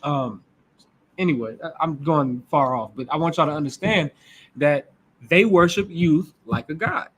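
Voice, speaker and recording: A man with a slightly high voice and a Midwestern American accent leads a sermon as a conversational teaching. He speaks loosely and informally, checks in with his listeners as he goes, and often restarts his thoughts mid-sentence. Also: normal speed, a bit bright, breathy edge. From United States. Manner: loose and informal, talks back and forth with the congregation, frequent restarts. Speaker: preacher.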